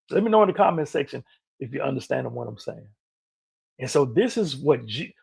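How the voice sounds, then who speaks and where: Husky, animated male preacher. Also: medium pitch. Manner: animated, emphatic preaching with repeated phrases. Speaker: minister. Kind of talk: motivational sermon.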